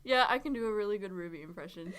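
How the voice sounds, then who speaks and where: A woman's voice: medium pitch, animated, fast talker, heavy background noise. A woman co-hosting a podcast, playful and joking, laughing often. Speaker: podcast co-host. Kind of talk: casual chat.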